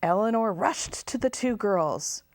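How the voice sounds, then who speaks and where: A woman's voice: medium pitch, a little slow, no room sound, studio quality. A woman, a children's librarian, reading a picture book aloud at storytime. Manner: expressive, sing-song.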